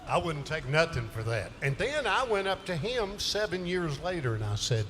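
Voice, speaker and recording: A man, telling chuckling, animated stories from a concert stage between songs. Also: fairly high pitch, normal speed, few pauses. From southern United States. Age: 70s. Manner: folksy, chuckling, animated storyteller. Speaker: country singer on stage. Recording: live concert room noise.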